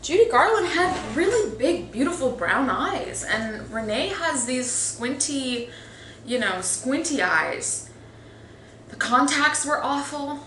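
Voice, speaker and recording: A woman rambles through a casual, exasperated film review full of opinions, fillers and restarts. Her voice sits high with lively intonation and a slow pace, recorded on a phone in an echoey room with faint ambience and background noise.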